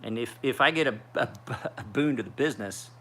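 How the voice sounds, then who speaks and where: A man's voice: mid-range voice, a little fast, a bit bright. A man in his forties rambling through a casual livestream chat as a knife sharpener, with profane storytelling. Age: 40s. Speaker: knife sharpener streaming live.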